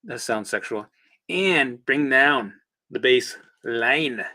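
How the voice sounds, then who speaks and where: Bright-voiced man coaching on a livestream. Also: medium pitch, slow. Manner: animated, chatty, swears casually; guides listeners through exercises. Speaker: host and recovery coach. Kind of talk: casual livestream coaching talk.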